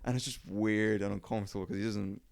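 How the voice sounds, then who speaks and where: A young man hosting a podcast, telling a rambling, profane story in casual chat with quick acted quotes. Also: fairly low pitch, steady tone, creaky, darkish tone, no echo. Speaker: podcast host.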